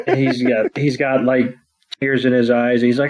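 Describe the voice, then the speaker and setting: A man's voice: medium pitch, flat delivery, measured pace, darkish tone, poor audio. A man co-hosting a podcast, recapping an episode in a loose, rambling way full of ums and restarts. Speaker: podcast co-host.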